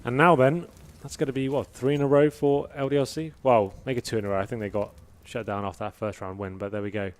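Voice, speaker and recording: A man doing live play-by-play commentary on an esports match, building to excited shouts when the fighting starts. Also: on the low side, fast talker, hardly any pauses.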